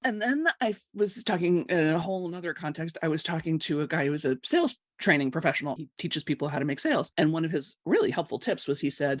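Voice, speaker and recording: A woman's voice: low voice, lively intonation, quick pace, hardly any pauses, no room sound, studio quality. A woman hosting a live coaching show, chatting casually with viewers, laughing often and acting out little dialogues.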